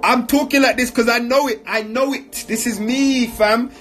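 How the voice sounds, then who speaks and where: High-voiced man, emphatic motivational talk. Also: fairly even intonation, normal speed, a bit bright, faint music behind. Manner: emphatic, repetitive, slangy. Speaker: speaker answering audience questions.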